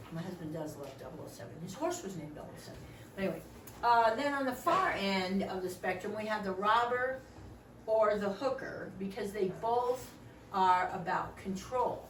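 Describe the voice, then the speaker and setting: A woman's voice: medium pitch, moderate pace, reverberant, far from the mic, a little hiss or hum, rough recording. A middle-aged woman training volunteers in a meeting room, joking often and acting out what other people say. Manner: animated, joking, acts out quoted voices.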